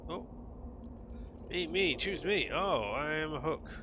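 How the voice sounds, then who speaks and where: A man's voice: on the high side, lively intonation, slow pace, background noise, voice pushed up. A man voicing a lonely male fish who sings, pleading to be hooked and cooked. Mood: longing. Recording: dull muffled audio with game music.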